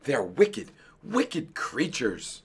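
A man's voice: mid-range voice, sing-song, drawn-out words, slight background noise, voice pushed up. A man voicing a small, brave male mouse dentist who speaks firmly and carefully. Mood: worried. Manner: firm, careful.

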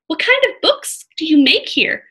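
A woman doing an eager, excitable young girl. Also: moderate pace, heavily acted. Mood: curious. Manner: high, excited exclamations.

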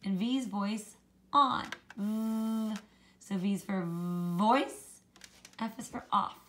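Slow, bright-voiced phonics teacher woman. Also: medium pitch, a little hiss or hum. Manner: slow, encouraging, modelling sounds for kids. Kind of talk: children's phonics lesson.

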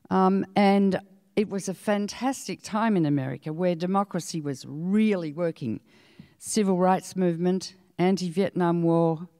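Older aussie woman giving a talk, blunt storyteller, low-ish voice, long reverb. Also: dark tone, studio quality. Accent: Australian. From Australia. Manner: storytelling, frank and outspoken. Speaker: lecturer. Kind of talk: public lecture. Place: lecture hall.

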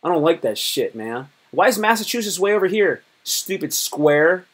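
Man, from Virginia, live streamer, casual chat, slangy, rambling, jokey, slightly high voice. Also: sing-song, normal speed, slightly rough. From Virginia, United States. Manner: playful, rambling, slangy, joking.

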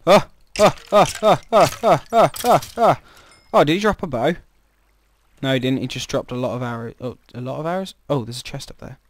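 A man's voice: a little high, fairly quick. A man giving rambling, chatty commentary while playing a game, breaking into startled exclamations. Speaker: gamer. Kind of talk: casual gameplay commentary.

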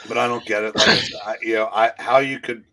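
A man co-hosting a casual chat, halting and repeating words as he thinks. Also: medium pitch, steady tone, pushed and bright.

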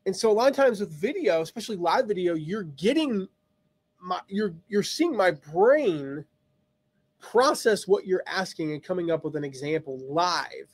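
A man's voice: high-pitched, expressive, moderate pace, husky, no room sound. A man hosting a live online lesson, talking through ideas with many restarts. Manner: rambling, thinks aloud with many restarts. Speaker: host.

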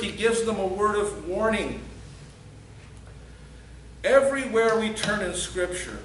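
Male pastor, high voice, unhurried, emphatic sermon delivery, echoey hall recording from a distance. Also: a little hiss or hum. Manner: earnest, emphatic preaching with acted-out quotes. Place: church sanctuary.

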